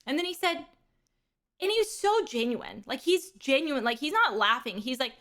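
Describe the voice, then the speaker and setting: A young woman streaming a game and chatting casually, telling rambling animated stories full of fillers. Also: high voice, moderate pace. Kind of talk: casual chat to stream while gaming.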